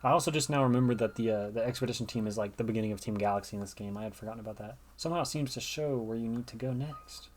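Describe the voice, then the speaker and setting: A man's voice: medium pitch, very fast, few pauses, darkish tone. A man giving chatty gameplay commentary, thinking aloud as he plays. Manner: chatty, thinks aloud, reads game dialogue. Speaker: gamer.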